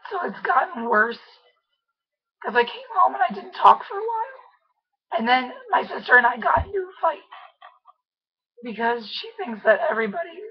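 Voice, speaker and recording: In a casual video diary, a young woman with laryngitis sounds very animated, speaking at normal speed but with long pauses. Her squeaky, scratchy, hoarse voice strains toward half-yelling and is a little breathless, and the audio is dull.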